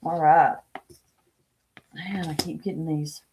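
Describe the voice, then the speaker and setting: A woman's voice: deep voice, fairly even intonation, slow pace, a little mellow, slight background noise. A woman reading tarot cards on a casual live stream, chatting with viewers by name and thinking aloud as she lays out the cards. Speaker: tarot reader.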